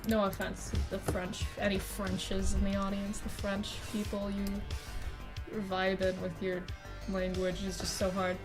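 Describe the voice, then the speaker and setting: A woman's voice: medium pitch, monotone, a little slow, over music. Rambling swearing woman streamer. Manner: rambling, self-deprecating, swears freely. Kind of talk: casual live-stream chat.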